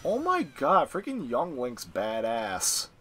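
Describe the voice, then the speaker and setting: A young man chatting casually with a friend, animated and excitable. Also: mid-range voice, slow pace, slight background noise. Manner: animated, excitable, yells for effect. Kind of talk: casual chat.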